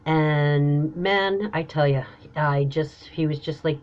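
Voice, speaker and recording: A woman host telling a personal story in a chatty, animated way, acting out what people said. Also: deep voice, unhurried, few pauses, dull audio. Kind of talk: casual storytelling monologue.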